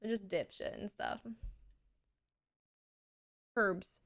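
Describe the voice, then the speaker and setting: A woman's voice: medium pitch, fairly even intonation, gravelly, fairly bright tone. Brief: young female streamer, slight lisp, loose giggly chat to viewers. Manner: chatty and giggly, drawn-out words. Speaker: livestreamer. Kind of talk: casual chat to a live audience.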